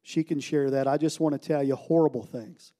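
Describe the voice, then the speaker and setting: Man preaching with hushed-to-loud swings. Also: medium pitch, steady tone, brisk. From United States. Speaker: pastor. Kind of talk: sermon.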